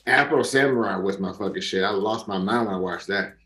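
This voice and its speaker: A man co-hosting a casual podcast chat, talking in an animated, profane way and laughing often. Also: on the low side, fairly quick, reverberant. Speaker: podcast co-host.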